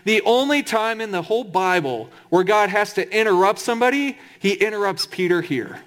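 A man's voice: high voice, animated, moderate pace, fairly bright tone. A man preaching a sermon in a conversational, humorous way, with emphatic asides.

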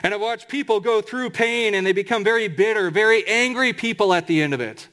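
Male pastor with a high voice, emphatic sermon delivery that slows to stress scripture. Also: a bit bright. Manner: emphatic preaching with slowed, drawn-out scripture quotes.

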